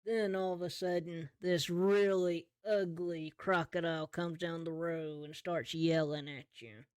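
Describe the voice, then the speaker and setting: A man running a tabletop game as game master, narrating in an easygoing, slow descriptive way. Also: fairly high pitch, fairly even intonation, clean tone, no room sound.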